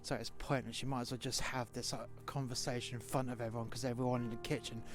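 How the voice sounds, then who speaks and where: A man's voice: medium pitch, flat delivery, fast. A man with a London accent telling a first-person story, blunt and sweary and full of indignation. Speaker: narrator. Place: outdoors in freezing cold. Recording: music playing underneath. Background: music.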